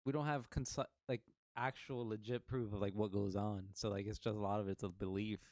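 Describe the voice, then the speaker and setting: A man co-hosting a casual comedy podcast, chiming in with quick interjections and agreement. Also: fairly low pitch, steady tone, a little mellow, no room sound. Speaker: podcast co-host.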